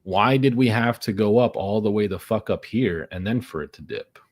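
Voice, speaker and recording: A young man with a fairly low voice talks through his trades live, and he keeps muttering and swearing about picking the wrong way. He sounds worn down and exasperated as the losses pile up. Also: normal speed, a little mellow. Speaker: day trader streaming live. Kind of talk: frustrated live commentary.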